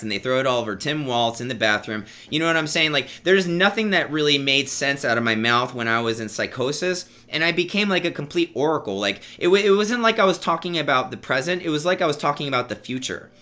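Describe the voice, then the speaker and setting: A man's voice: medium pitch, bright, forceful tone. A man in his thirties telling a personal story in a casual vlog, rambling, stammering and repeating words as he talks to his viewers. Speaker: vlogger.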